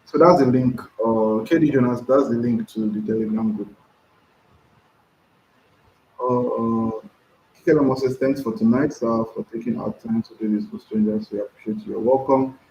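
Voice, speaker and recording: A man's voice: medium pitch, steady tone, moderate pace, a little mellow. A man hosting a casual live stream, reading out viewers' comments and answering them, often repeating himself. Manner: chatty, repeats himself, reads comments aloud. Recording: roomy, dull lo-fi sound with faint noise.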